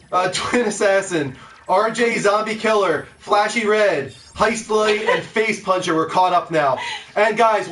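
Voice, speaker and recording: A man's voice: sits high, a bit bright, far from the mic. A man hosting a casual livestream show, laughing and rattling off viewer names. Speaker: host. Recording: roomy, from away from the mic.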